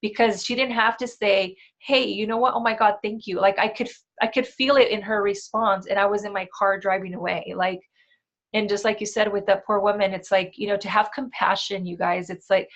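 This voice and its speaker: A woman's voice: medium pitch, fairly bright tone, dull audio. A woman in her forties co-hosting a talk show in a casual, heartfelt way, with lots of fillers and tag questions. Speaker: co-host. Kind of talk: casual chat.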